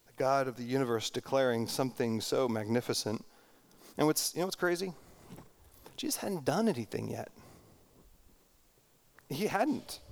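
A middle-aged man, a pastor, preaching a sermon in an earnest, reflective way, slowing down for emphasis and often repeating words. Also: medium pitch, vocal fry.

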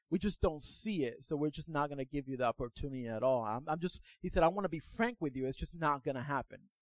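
A male pastor preaching a sermon, retelling a personal story in an animated way and acting out the quotes. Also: a little high, fast talker, few pauses, dry recording, poor audio.

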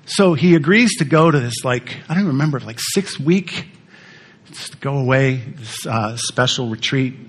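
A man's voice: mid-range voice, animated, a little slow, husky. A male pastor preaching a sermon in a conversational storytelling way, putting questions to the congregation.

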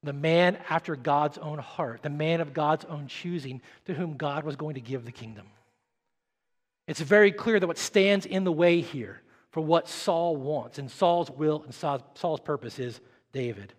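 A male pastor preaching a sermon with dramatic swings between hushed, quiet passages and loud, emphatic ones. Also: a little high, measured pace, long reverb tail. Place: church.

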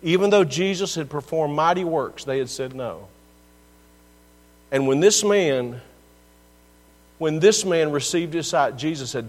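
A man delivering a sermon with a somewhat high voice, earnest and pleading, pushing hard in some moments and easing off in others. His voice carries a long reverb from the church around him, with a faint mains hum underneath. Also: expressive, a little slow, pauses often. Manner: earnest, pleading, rising and falling in intensity. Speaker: pastor. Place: church sanctuary.

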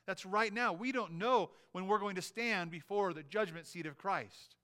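A male pastor preaching an earnest sermon, swelling to emphatic peaks and dropping to quiet, hushed moments. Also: high voice, moderate pace.

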